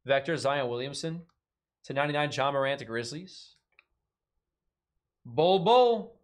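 A man's voice: medium pitch, brisk, a bit bright. A man hosting a live card break, rattling off card names and joking between pulls.

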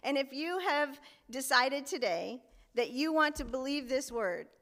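A woman preaches a sermon in an echoey church sanctuary, faint music in the background, speaking earnestly as the congregation repeats phrases after her. Her fairly bright voice sits high, animated yet unhurried.

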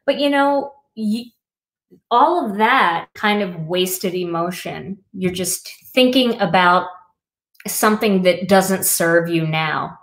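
A woman's voice: medium pitch, expressive, unhurried. A middle-aged woman hosting a crafting livestream, talking casually and reflectively with many fillers. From Wisconsin.

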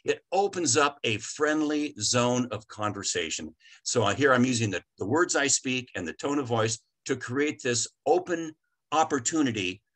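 A man's voice: medium pitch, animated, normal speed, fairly bright tone. A middle-aged man giving a customer service seminar, folksy and anecdotal, with plenty of fillers and restarts. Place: presentation to a chamber of commerce audience.

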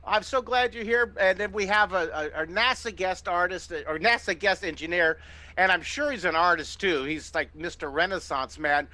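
A middle-aged man hosting a live online drawing lesson, giving excited, encouraging step-by-step instructions as he sketches. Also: sits high, normal speed, no echo. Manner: enthusiastic, encouraging, exclamatory. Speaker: drawing teacher and host.

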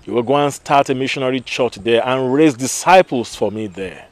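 A man playing a divine voice that calmly commands a man to take up a mission. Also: medium pitch, moderate pace, no echo, lightly acted. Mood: commanding. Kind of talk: film drama dialogue.

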